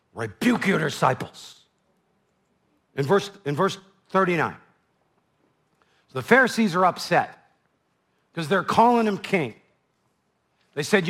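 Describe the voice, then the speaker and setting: A man's voice: high voice, a bit bright. A man preaching a sermon verse by verse, conversational, with asides and frequent repeated words. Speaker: pastor. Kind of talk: verse-by-verse Bible teaching.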